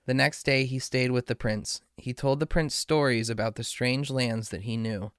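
A man reading a fairy tale aloud in a slow, measured way. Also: medium pitch, steady tone, fairly bright tone, smooth, no echo, clean studio sound. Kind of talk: storybook reading.

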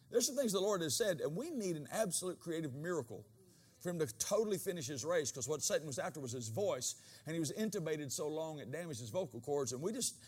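A man with a high voice for a man preaches a sermon. His delivery swings from quiet, low asides to loud, ringing bursts. He acts out quoted dialogue in changed voices. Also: breathy edge. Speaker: pastor.

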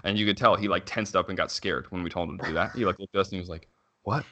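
Thirties dad type, low and fast, bright-edged voice, loose rambly storyteller with filler-heavy delivery. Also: male voice. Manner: rambling, frequent "like" fillers and self-restarts, quick laughs. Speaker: father telling a story. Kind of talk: casual conversational chat.

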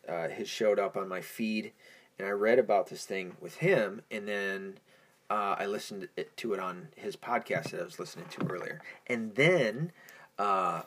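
Profane rambling stoned man, husky. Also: on the low side, fairly bright tone. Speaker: podcast host. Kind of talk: casual rambling monologue.

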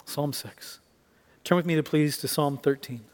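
A man with a high voice preaches in a church sanctuary, the sound ringing with a long reverb. His delivery is expressive, climbing for emphasis and then sinking almost to a hush. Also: moderate pace. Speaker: pastor. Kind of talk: sermon. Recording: reverberant hall.

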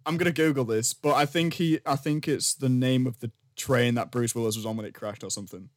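A young man co-hosting a casual film podcast, relaxed and wry, chuckling as he talks. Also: mid-range voice, a little fast, no room sound, clean studio sound. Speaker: podcast co-host.

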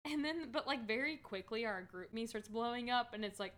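A woman's voice: on the high side, expressive, fairly quick, hardly any pauses, fairly bright tone. A woman in her twenties chatting casually and telling stories, filling her talk with "like". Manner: chatty storytelling, heavy use of "like". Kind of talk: casual chat.

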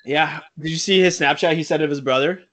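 A man's voice: on the high side, a little fast, fairly bright tone. A young man co-hosting a podcast, joking around in casual chat and swearing freely. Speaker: podcast co-host.

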